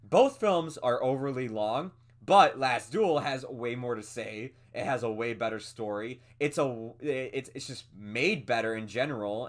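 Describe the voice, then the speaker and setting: A man co-hosting a movie podcast, talking in a rambling casual way with frequent laughs and fillers. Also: medium pitch. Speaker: podcast co-host. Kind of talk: casual movie review chat.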